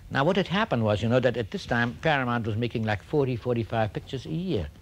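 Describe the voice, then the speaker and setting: Older man recalling with wry pauses. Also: medium pitch, expressive. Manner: halting, full of uh and restarts; wry storyteller. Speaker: film director. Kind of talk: reminiscing interview anecdote.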